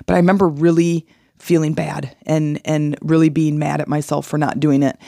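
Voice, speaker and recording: A podcast host telling a personal story in an animated way, acting out the voices of people in it. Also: mid-range voice, moderate pace, vocal fry, no room sound, clean studio sound. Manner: animated, acts out quoted voices.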